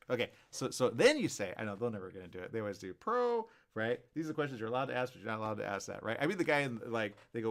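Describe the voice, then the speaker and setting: A man's voice: on the low side, very fast, creaky, hardly any pauses. A man hosting a live talk show, rambling through a monologue and acting out both sides of imagined conversations, with "right?" after many points. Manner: animated, acts out both sides of imagined dialogues, asks "right?" often.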